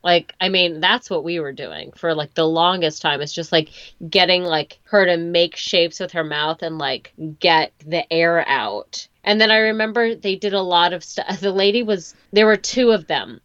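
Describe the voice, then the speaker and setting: A woman's voice: fairly low pitch, moderate pace, hardly any pauses, smooth, no room sound. A woman chatting casually and telling a story, acting out the voices of the people in it. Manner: animated storytelling, acts out quoted voices. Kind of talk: casual chat. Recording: dull, dry lo-fi sound.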